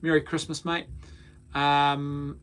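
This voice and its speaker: A man's voice: a little high, level tone, slow pace, fairly bright tone, clear, resonant tone. A man from New Zealand with a New Zealand accent, hosting a casual live-stream chat and talking animatedly, often restarting and repeating words. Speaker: host of a film talk stream.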